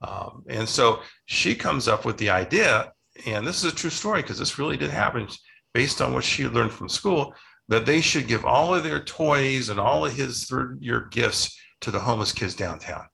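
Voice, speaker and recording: A man's voice: mid-range voice, animated, normal speed, vocal fry, bright, forceful tone, a little hiss or hum. An older man, a children's book author, tells family stories in a rambling interview with many restarts. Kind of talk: casual interview storytelling.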